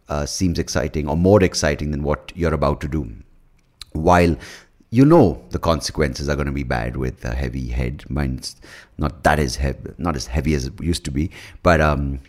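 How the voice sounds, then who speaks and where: A man's voice: extremely low pitch, darkish tone. A hungover man, rambling and swearing through a casual solo podcast monologue. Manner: rambling, profane, self-mocking. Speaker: podcast host.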